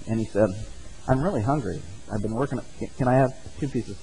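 A man's voice: medium pitch, fast talker, dark tone, soft background music, rough recording. A man preaching an earnest sermon, mixing scripture readings with a folksy story. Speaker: pastor.

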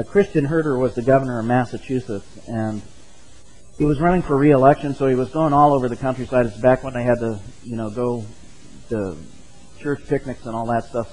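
A man's voice: medium pitch, darkish tone, rough recording. A man preaching an earnest sermon, mixing scripture readings with a folksy story. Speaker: pastor.

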